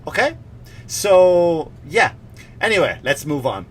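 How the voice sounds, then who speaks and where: A man's voice: a little high, big pitch swings, slow, husky. A male comedian hosting his podcast, ranting with sarcastic, mock-serious asides. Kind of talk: comedic rant.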